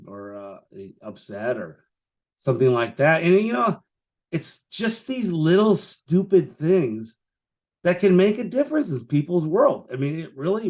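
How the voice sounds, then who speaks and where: A man hosting a solo business podcast in a casual, rambling way, filling his talk with "you know" and restarts and chuckling as he tells stories. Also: medium pitch. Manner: chuckles while telling stories. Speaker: podcast host, business owner.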